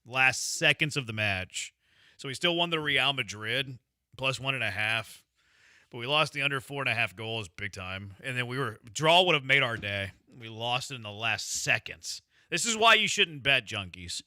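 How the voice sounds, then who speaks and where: A man hosting a sports radio show in casual, teasing banter, who reads ads quickly. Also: medium pitch, expressive, sharp tone, dry recording, studio quality.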